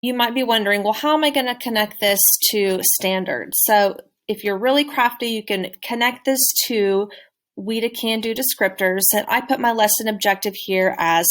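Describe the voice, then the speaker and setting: A woman teacher giving a recorded presentation on a classroom game, speaking clearly and encouragingly. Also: medium pitch, moderate pace, a bit bright. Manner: clear, encouraging, with modeled questions.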